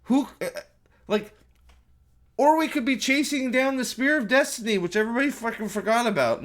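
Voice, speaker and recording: A man's voice: very high voice, normal speed, a bit bright. A man giving a profane, exasperated movie review at home, ranting with many restarts and repeated words.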